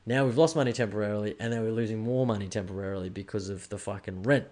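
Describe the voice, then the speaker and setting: Sweary, low-voiced Australian man. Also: fast, darkish tone. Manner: candid, sweary, leans on "right?" tags. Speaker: podcast host. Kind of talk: casual solo podcast monologue.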